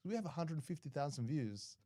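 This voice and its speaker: Brief: brisk, slightly high Australian man, joking poker caster, dry sound. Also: expressive, dark tone, no room sound. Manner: joking, self-deprecating. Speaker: poker commentator. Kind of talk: live poker commentary, casual banter.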